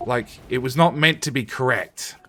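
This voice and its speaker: A male streamer in the middle of a casual live broadcast, talking to chat at an ordinary pitch. He rambles, restarts his sentences and trails off, mixing self-mocking jokes with offhand profanity. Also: normal speed, a bit bright, faint music behind.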